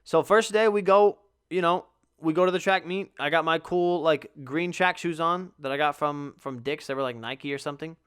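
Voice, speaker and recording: In a casual solo podcast, a young host tells a rambling, profane, self-mocking story about how bad he is at sports. His voice is fairly high, a bit bright, and smooth, at normal speed.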